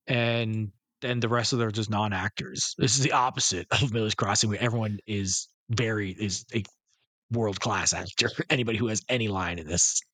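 A man's voice: lowish voice, a bit bright, no room sound. A man co-hosting a film podcast in casual chat, from Canada, rambling and swearing, often trailing off mid-thought. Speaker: podcast co-host.

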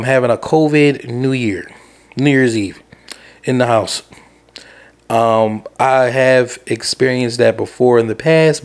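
A man's voice: mid-range voice, darkish tone. A man hosting a podcast, telling a rambling, profane story. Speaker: podcast host. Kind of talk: casual rant.

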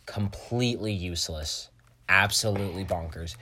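Young male co-host, low voice, rambling slangy chat, loose and jokey. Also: very animated, unhurried, pauses often, pushed and bright. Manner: rambling, laughs often, says "bro" and "like". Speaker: podcast co-host. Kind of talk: casual chat.

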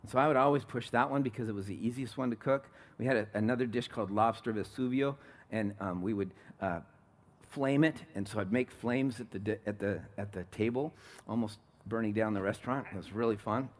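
A man's voice: lowish voice, a little fast. A middle-aged man from California preaching a sermon as a pastor, telling stories and asking the congregation questions.

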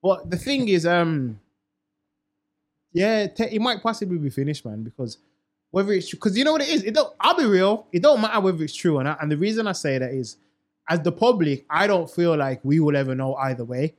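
A young man talks slang in a casual chat show and keeps repeating his points for weight. His voice sits a little high for a man. He sounds animated and runs on in a loose, conversational way. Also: brisk. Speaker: podcast co-host.

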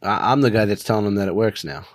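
A man's voice: lowish voice, dry recording. Earnest man in his thirties, dry sound. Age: 30s. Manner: earnest, halting, many restarts. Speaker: podcast guest. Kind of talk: conversational interview.

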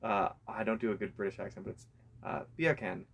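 A man's voice: on the low side, fairly even intonation, fast, creaky. A man chatting on a podcast, curious and full of questions. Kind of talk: casual podcast chat.

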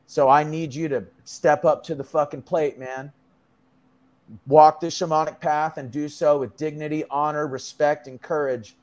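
A man's voice: on the high side, fairly even intonation, moderate pace, a little mellow, natural voice. A man voicing a male mushroom spirit that lectures in casual slang and swears bluntly. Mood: urging. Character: laid-back preachy male mushroom spirit.

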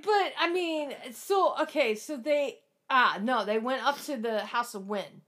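A woman chatting casually as a co-host, telling a story with animated laughter and acted-out reactions. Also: sits high, a little slow. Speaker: podcast co-host discussing audiobooks. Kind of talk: casual chat.

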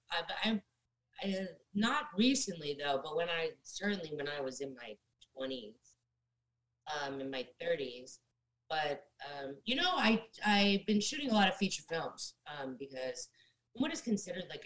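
Blunt, advice-giving middle-aged woman, slightly low. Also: a bit bright, poor audio. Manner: direct, advising, addresses listeners as "guys". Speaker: actress and guest. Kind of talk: casual interview chat.

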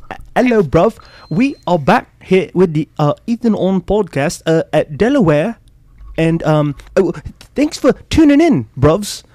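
A man voicing a pompous upper-class English gentleman host in a mock English accent, rambling and hammy. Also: high voice, big pitch swings, measured pace, voice pushed up.

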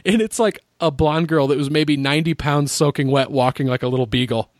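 A man's voice: a little high, brisk, no room sound, clean studio sound. A young man telling a travel story in casual chat, rambling and swearing, laughing often. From United States. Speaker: podcast co-host.

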